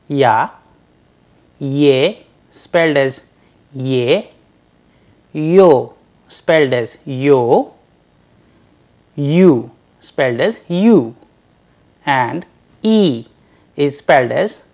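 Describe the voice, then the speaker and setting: Slow, careful language teacher. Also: mid-range voice. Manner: slow, careful, drawn-out letter sounds for learners to repeat. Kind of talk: recorded video lecture.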